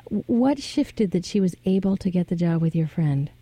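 A woman interviewer who talks thoughtfully and probes gently with casual fillers. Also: lowish voice, animated, moderate pace, dry recording. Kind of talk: reflective interview questions.

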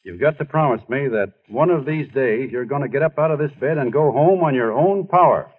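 A man playing an earnest, bashful young ballplayer in 1940s radio acting, his voice husky on a tinny old broadcast. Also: mid-range voice, a little fast, lightly acted. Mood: encouraging.

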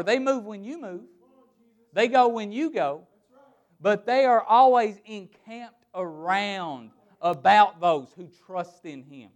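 A man's voice: high voice, takes it slowly. A male pastor preaching a sermon to a small church congregation, reading scripture aloud and breaking into laughing asides.

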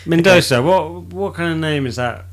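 A man co-hosting a comedy podcast who keeps interjecting with quick reactions, jokes and swearing in casual chat. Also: fairly high pitch. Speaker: podcast co-host.

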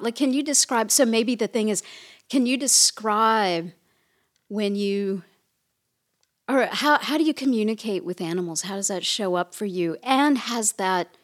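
A woman co-hosting a podcast, chatting excitedly, laughing, and asking lots of questions. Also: mid-range voice, a little slow. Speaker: podcast co-host, medium. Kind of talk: casual chat.

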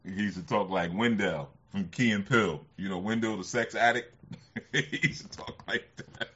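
Rambling, husky livestream host man. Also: on the low side, moderate pace, a bit bright. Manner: rambling, laughs often, many fillers. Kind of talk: casual livestream chat. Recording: slightly muffled lo-fi sound.

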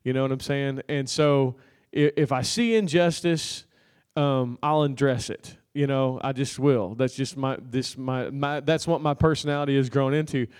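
A man's voice: medium pitch, moderate pace, darkish tone, smooth. A man preaching a sermon, telling a story in a loose, conversational way and calling out to the congregation for an amen. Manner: conversational storytelling with laughs and crowd call-outs. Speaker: pastor.

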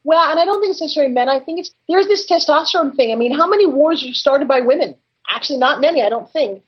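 A woman guest in an interview, talking in an effusive, animated and emotional way. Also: high-pitched, fast talker, muffled recording.

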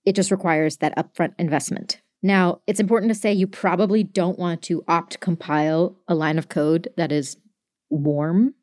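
A woman co-hosting a podcast, explaining technical ideas in a casual, chatty way, full of "like" and quick asides. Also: fairly low pitch, fairly even intonation, darkish tone, no room sound, clean studio sound. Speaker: podcast co-host explaining code.

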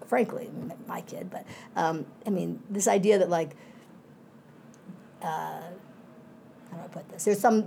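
A woman's voice: mid-range voice, vocal fry, dark tone, a little hiss or hum. A middle-aged woman professor in a conversational interview, speaking reflectively in winding asides.

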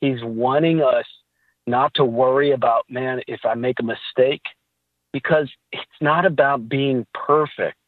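A man talking casually about faith as a podcast guest, telling animated stories with laughs. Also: medium pitch, a little slow, no room sound. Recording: tinny phone-like line.

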